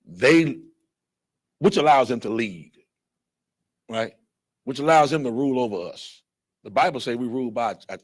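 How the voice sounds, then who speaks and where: A man teaching a blunt, animated Bible lesson who acts out other people's voices as he goes. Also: medium pitch. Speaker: scripture teacher. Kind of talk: fiery street-style Bible lesson.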